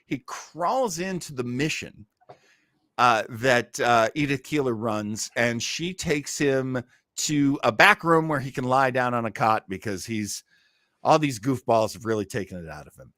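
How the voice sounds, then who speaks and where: Animated man retelling episode scenes. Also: medium pitch, measured pace, no room sound, studio quality. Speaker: podcast co-host. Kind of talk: casual episode review chat.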